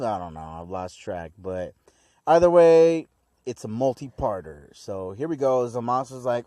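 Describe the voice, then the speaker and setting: A man's voice: medium pitch, sing-song, measured pace, a little mellow, no echo. A young man hosting an anime review, recapping an episode in a rambling, slangy way and mock-voicing the characters. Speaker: anime review channel host.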